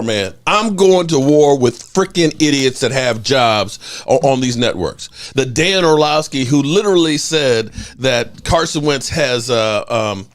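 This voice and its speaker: A man hosting a live sports podcast, loud and fired up, ranting with frequent restarts. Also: medium pitch. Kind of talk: heated live-stream sports rant. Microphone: desk mic in home studio.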